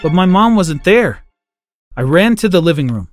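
A man tells a first-person story with a lively, dramatic delivery. His voice sits a little high and swings widely in pitch. Soft music plays faintly underneath. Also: moderate pace. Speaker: narrator.

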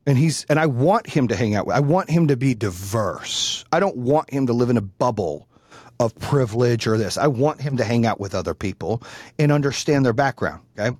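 A middle-aged man telling a long story in a casual, animated, profane way. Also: mid-range voice, fairly quick, no room sound. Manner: profane, animated, acts out the people in his story.

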